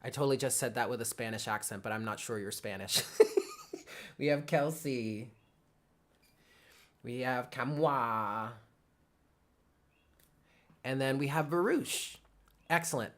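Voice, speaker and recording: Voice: mid-range voice, unhurried, pauses often, a bit bright. Chatty tarot reader thinking aloud. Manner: chatty, thinks aloud, keeps checking in with "okay?"; addresses chat viewers by name. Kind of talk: live tarot reading for viewers.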